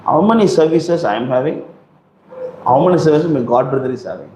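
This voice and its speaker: A man's voice: medium pitch, expressive, brisk, dark tone, slight background noise. A man giving a scripture class, asking rhetorical questions and acting out quotes. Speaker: preacher. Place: temple hall. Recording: roomy hall echo.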